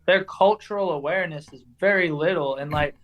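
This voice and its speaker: A man's voice: on the high side, fairly quick, a bit bright. Young man with a mixed English accent. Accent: mixed English and American Southern. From England. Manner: chatty storyteller, says "dude" and "like" a lot. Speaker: motorcycle racer guest. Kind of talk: casual chat.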